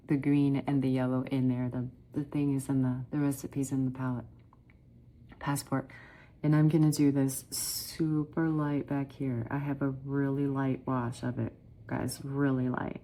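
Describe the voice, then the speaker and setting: A middle-aged woman chatting warmly through a step-by-step watercolor painting lesson, often calling her viewers "guys". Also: low voice. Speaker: watercolor art teacher.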